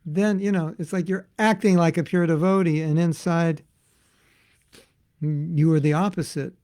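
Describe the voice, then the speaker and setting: Gravelly, animated male spiritual teacher. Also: on the high side, a little slow. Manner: animated, conversational, acts out voices. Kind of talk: devotional class lecture. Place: Alachua, Florida.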